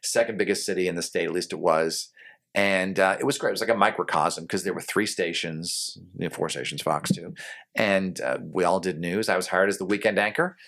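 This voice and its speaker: Speaking fairly quickly in a low voice, a longtime television news anchor from New England reminisces about his career during a relaxed podcast interview. He's middle-aged with a faint accent, and his guest storytelling drifts along, packed with fillers and false starts.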